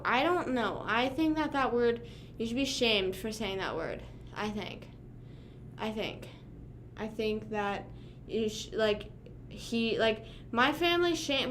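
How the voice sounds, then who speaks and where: A young woman talks to her livestream audience from a room at home in a slangy, rambling way. Her voice sits a little high. Faint noise hangs behind her. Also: a bit bright. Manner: chatty, slangy, lots of "like" and "bruh". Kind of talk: casual chat with viewers.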